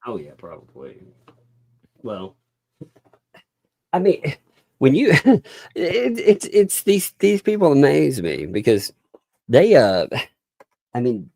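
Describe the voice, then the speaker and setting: A man hosting a casual livestream, laughing often and mocking people with quick impressions. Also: medium pitch, wildly swooping pitch, creaky, warm tone, no room sound, studio quality. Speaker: livestream host. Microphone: desk microphone.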